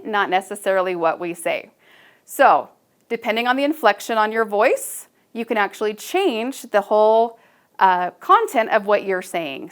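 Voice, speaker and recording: A woman giving a recorded staff training talk, measured and instructive, with frequent ums and uhs. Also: a little high, smooth.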